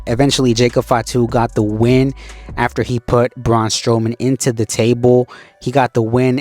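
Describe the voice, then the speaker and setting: A man recapping a show in a loose, conversational way, leaning on fillers as he goes. His voice sits at an ordinary middle pitch. Soft music plays faintly underneath. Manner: conversational, loose, with frequent "you know" and "like". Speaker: wrestling show recap host. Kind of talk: casual spoken recap.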